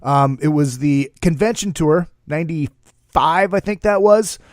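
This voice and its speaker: A man hosting a casual interview show, telling stories in an animated way and swearing freely. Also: fairly high pitch, unhurried, no room sound, studio quality. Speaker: radio show host.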